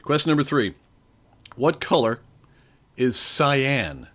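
A man in his forties or older, slightly hoarse, hosting a casual trivia quiz podcast with a playful, joking manner. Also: medium pitch, lively intonation, takes it slowly, fairly bright tone. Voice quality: playful, jokey. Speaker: podcast host. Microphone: desk microphone.

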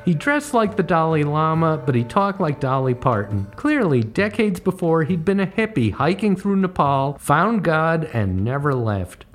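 A man's voice: fairly high pitch, very animated, normal speed, few pauses, soft background music. A middle-aged man, a comedy writer, narrating comic travel stories with a dry, wisecracking delivery.

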